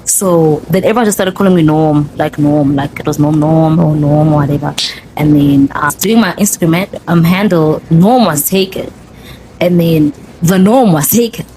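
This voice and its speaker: A young woman with a South African Zulu accent, hosting a podcast and telling her story in a casual, animated monologue. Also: deep voice, normal speed, background noise. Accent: South African, Zulu-speaking. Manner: chatty, code-switching, animated storyteller. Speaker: podcast host.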